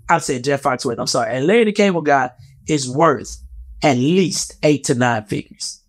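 A man's voice: medium pitch, normal speed, dry recording, clean studio sound. A man giving a heated, profane, rambling commentary rant in a casual vlog.

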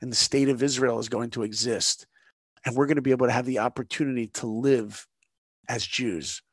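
A man's voice: mid-range voice, steady tone, brisk, no room sound, close to an everyday voice. A man voicing an older male rabbi, speaking solemnly and earnestly.

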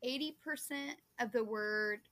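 A woman's voice: fairly high pitch, unhurried, sharp tone. A woman co-hosting a women's Bible podcast in casual chat, laughing easily and rattling off scripture references. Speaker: podcast co-host.

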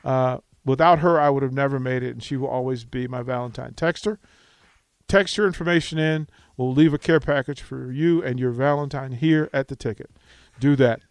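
A middle-aged man hosting a sports radio show, telling a story with lively acted-out quotes. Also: mid-range voice, moderate pace, clean tone, dry recording. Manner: animated storytelling, acts out quotes. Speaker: radio host.

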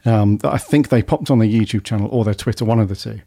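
A man hosts a relaxed fan podcast, chatting cheerfully with casual slang. His voice is mellow and warm, recorded close with a dry sound. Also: lowish voice, fast talker, creaky, dry recording. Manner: chatty, upbeat British slang. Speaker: podcast host.

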